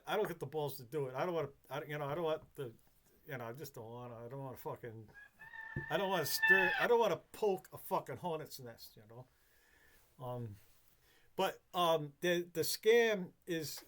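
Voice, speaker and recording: High-pitched man rambling with swearing. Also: a bit bright. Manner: rambling, swears freely, many restarts. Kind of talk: casual chat.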